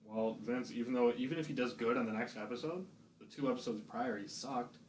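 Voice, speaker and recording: A man's voice: mid-range voice, brisk, a little hiss or hum. Opinionated podcast man, roomy echo. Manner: opinionated, chatty, repeats himself for emphasis. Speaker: podcast co-host. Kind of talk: casual podcast chat.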